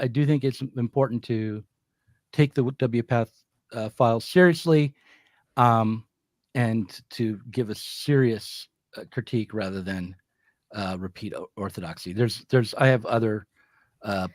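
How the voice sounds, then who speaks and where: A man's voice: lowish voice, unhurried, no echo, studio quality. A man co-hosting a political discussion show, talking with hesitant restarts and fillers. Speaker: podcast co-host.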